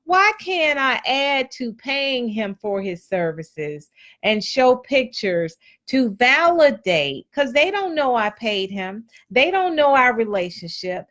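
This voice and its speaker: Woman host, measured pace, blunt motivational delivery. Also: on the high side, very animated, a bit bright. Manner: preachy and blunt, colloquial, repeats phrases. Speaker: host of a live motivational stream. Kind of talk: casual motivational talk.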